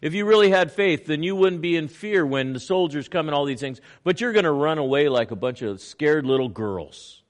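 A man preaching a sermon, animated, acting out little scenes in quoted voices. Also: normal speed, hardly any pauses. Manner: animated preaching with swings in pitch and loudness. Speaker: pastor.

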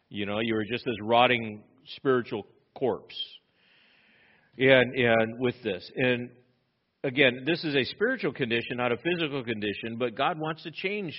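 A man's voice: mid-range voice, muffled recording. A man preaching a sermon as pastor, emphatic and full of rhetorical questions.

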